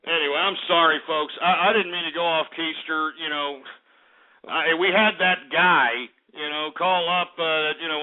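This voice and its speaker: Male call-in radio host, high voice, loud exasperated ranter, tinny phone-like sound. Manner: loud, exasperated ranting with frequent exclamations. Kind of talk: ranting call-in radio talk.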